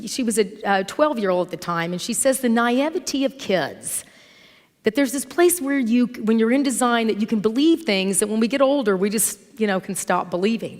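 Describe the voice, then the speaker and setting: A middle-aged woman minister giving a sermon in a church, telling stories in an animated, conversational way. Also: mid-range voice. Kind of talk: sermon with storytelling. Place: church sanctuary. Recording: long hall reverb from church.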